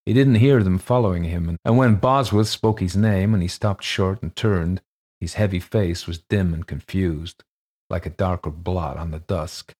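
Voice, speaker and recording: Audiobook narration: male reader, deep pitch, husky voice, measured ghost-story telling. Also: a little mellow.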